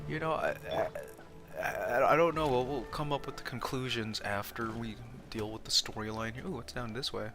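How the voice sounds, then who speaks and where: A man's voice: medium pitch, normal speed, music in the background. A man casually commenting on his gameplay, rambling and joking at his own expense. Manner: rambling, joking, self-mocking. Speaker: let's play host.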